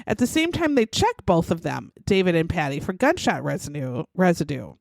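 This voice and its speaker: A woman's voice: lowish voice, very animated, moderate pace, creaky, darkish tone, no echo. A woman hosting a podcast, telling a true crime story casually, swearing freely and acting out the quotes. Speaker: podcast host.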